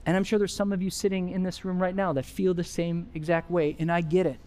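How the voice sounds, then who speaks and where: A man's voice: sits high, steady tone, fast, few pauses, mellow. A pastor preaching a conversational sermon in church, with rising emphasis on his key points. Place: church sanctuary.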